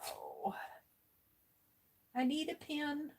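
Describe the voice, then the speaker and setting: A woman's voice: medium pitch, lively intonation, takes it slowly, background noise. An American woman hosting a craft livestream, chatting casually and muttering to herself as she sorts through supplies.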